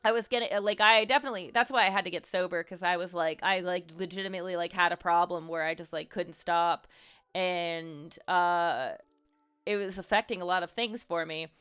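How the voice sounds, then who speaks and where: A livestream host gives social advice in casual, frank talk, rambling with lots of "like" and "um" and swearing easily. She speaks briskly in a low-side voice that is clear, resonant, and fairly bright. Faint music plays under slightly muffled stream audio.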